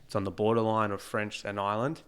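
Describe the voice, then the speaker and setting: A man co-hosts a relaxed podcast, dropping short replies and casual questions. His voice is on the low side and sounds smooth and clear. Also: fast. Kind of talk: casual chat.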